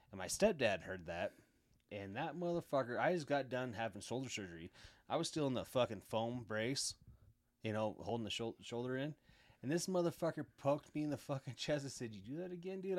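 A middle-aged man on a podcast, talking with a blunt, swaggering edge. He swears constantly and boasts as he tells his stories. His voice sits at an ordinary pitch. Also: animated, a little fast, no room sound. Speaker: podcast guest. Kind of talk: casual storytelling.

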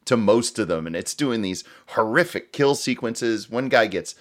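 Animated man ranting about a film. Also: fairly low pitch, normal speed. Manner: animated, laughs often, acts out quotes from scenes. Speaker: podcast co-host reviewing a film. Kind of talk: casual chat.

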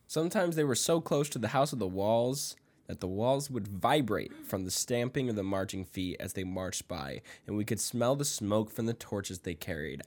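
Young male podcast host, lowish voice, reads a ghost tale from notes and trips over names. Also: a little mellow. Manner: reads from notes, stumbles over Hawaiian names, laughs often. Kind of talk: reading a ghost story aloud, casual chat.

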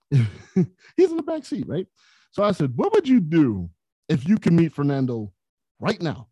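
A man telling casual stories as a podcast guest, his pitch sitting a touch high and swinging widely as he gets animated. The sound is dry and close, with no room echo. He laughs easily between lines. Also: moderate pace. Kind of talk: casual storytelling.

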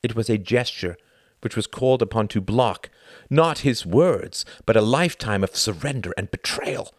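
A man reading a novel aloud as narrator, in a measured, dramatic storytelling manner. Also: lowish voice, lively intonation, dry recording, clean studio sound. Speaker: audiobook narrator. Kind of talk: scripted narration.

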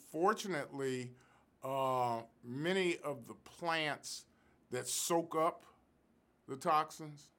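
A man's voice: fairly high pitch, a bit bright. Emphatic lecturing male professor. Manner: emphatic, lecturing, stresses key figures. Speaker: professor and guest expert. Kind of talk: explanatory interview answers. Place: Sacramento area.

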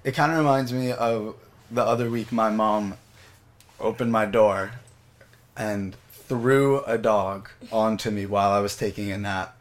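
A man co-hosting a podcast in casual chat, playful, with deadpan jokes and easy laughter. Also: on the low side, measured pace. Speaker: podcast co-host.

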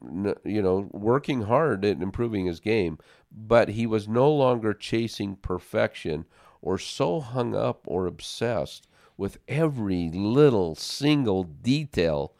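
A man's voice: mid-range voice, darkish tone, no echo, clean studio sound. A man in a casual faith discussion, telling a personal story in an earnest way and often repeating words as he starts a sentence.

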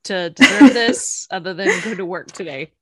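A woman co-hosting a casual show podcast, talking with wry, deadpan complaints. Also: medium pitch, normal speed, a crowd in the background. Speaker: podcast co-host and editor. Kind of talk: casual chat. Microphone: home mic with audio problems.

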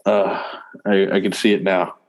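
A young man chats about sports in a relaxed podcast. His voice sits on the low side. He is jokey and slangy and laughs often. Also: normal speed. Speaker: podcast co-host. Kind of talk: casual sports chat.

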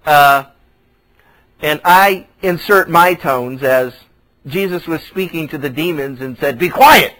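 A male pastor with a fairly high voice teaches from the Bible. He talks through the passage in a casual, conversational way, turning scripture into everyday speech. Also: takes it slowly, a bit bright, poor audio. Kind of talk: verse-by-verse Bible teaching sermon.

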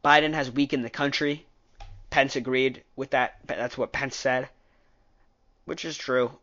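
A man's voice: mid-range voice, steady tone, unhurried, bright, forceful tone, muffled recording. A man giving a casual, opinionated recap of a political debate, rambling and often correcting himself mid-sentence. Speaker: political commentator.

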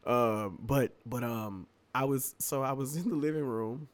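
Speaking at a measured pace in a mid-range voice, this man co-hosts a podcast. His long, funny story comes out in casual chat, told with animation, frequent laughter, and acted-out quotes.

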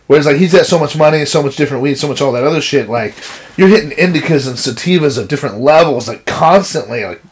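A man spinning loud, profane stories in a casual podcast chat. His voice sits a little higher than most men's, and he keeps the energy up as he talks. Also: fast. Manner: profane, animated storyteller. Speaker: podcast co-host telling stories.

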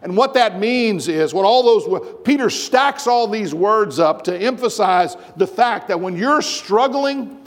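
A man's voice: high voice, animated, a little slow, hardly any pauses, long reverb tail. A man preaching a sermon as pastor, emphatic and full of rhetorical questions. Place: church sanctuary.

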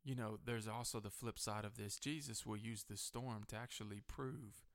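A male pastor preaching a sermon who builds repeated refrains to higher, louder peaks and drops to a softer, slower voice for personal testimony. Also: steady tone.

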